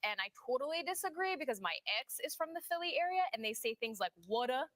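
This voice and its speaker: A woman's voice: high-pitched, sing-song, fast talker, fairly bright tone, no echo. A woman from Chicago co-hosting a live stream, recapping news items in a chatty way with personal asides. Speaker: co-host reading news items.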